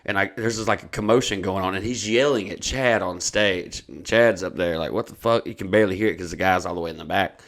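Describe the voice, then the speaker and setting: A man's voice: deep voice, fast, few pauses, fairly bright tone. A man telling a long, profane, rambling story in casual podcast talk. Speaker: comedian.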